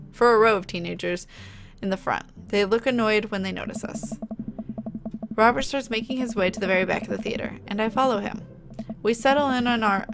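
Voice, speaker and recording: A woman's voice: mid-range voice, creaky, noisy background. A woman streamer reading a dating game's narration aloud with playful, jokey asides. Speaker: game streamer. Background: game music.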